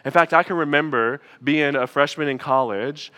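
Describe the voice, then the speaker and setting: A man's voice: fairly high pitch, moderate pace, bright, forceful tone. A young male pastor preaching a sermon in a conversational, emphatic way, calling the congregation "y'all".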